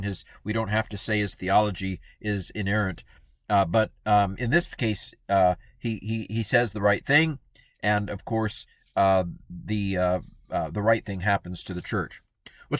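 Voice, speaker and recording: A man's voice: mid-range voice, fairly bright tone, no room sound. A man giving a casual Bible lesson in a chatty, playful way, acting out the people he quotes. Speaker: Bible teacher.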